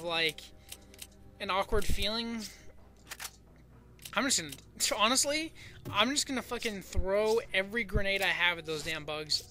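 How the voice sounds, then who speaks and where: A gameplay commentator with a mid-range voice grumbles and curses through a let's play, flaring into loud outbursts of disbelief. Game music plays clearly underneath the talk. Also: medium pitch.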